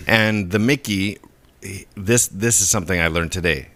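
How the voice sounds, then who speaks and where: A deep-voiced man co-hosting a podcast, chatting casually about where a phrase comes from. He talks in a relaxed, explanatory way, stumbling and restarting his sentences as he goes. The sound is dry and close, with no room around it. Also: a little slow, no room sound. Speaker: podcast co-host. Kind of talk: casual chat about word origins.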